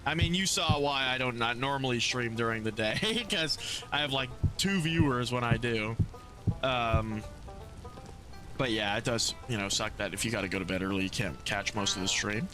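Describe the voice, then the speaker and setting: A man's voice: mid-range voice, moderate pace. A young man streaming a game, chatting casually with his viewers, answering chat and often trailing off mid-sentence. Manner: animated, reads out and answers chat, trails off and restarts. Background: music.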